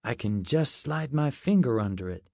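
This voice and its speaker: A man's voice: mid-range voice, animated, normal speed, vocal fry, a little mellow, no echo, clean studio sound. A man voicing a cocky young man who speaks in a confident, dismissive way.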